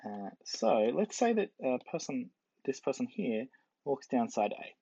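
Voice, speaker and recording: A man's voice: medium pitch, big pitch swings, measured pace, vocal fry, dark tone, slightly rough, no echo. A man giving a casual explanatory lecture, playfully acting out the quoted characters. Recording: dull lo-fi dry recording.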